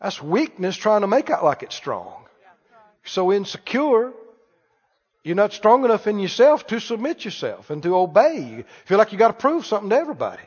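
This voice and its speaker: A male pastor preaching a sermon, drawing replies from the congregation and building to loud, emphatic lines. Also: high-pitched, big pitch swings, moderate pace, husky. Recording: dull reverberant church hall sound.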